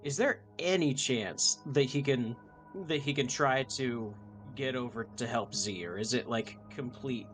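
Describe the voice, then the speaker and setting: A man's voice: medium pitch, measured pace, fairly bright tone, soft background music. A young man playing in a tabletop game, thinking aloud with many ums and restarts as he weighs his moves. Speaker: player. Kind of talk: casual chat at a tabletop game.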